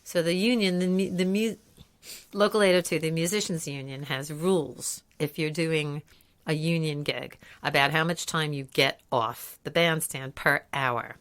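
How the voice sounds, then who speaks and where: An older woman with a low-pitched voice tells animated stories about her working life and laughs often. She sounds like a relaxed podcast co-host, chatting casually. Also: moderate pace. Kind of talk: casual chat.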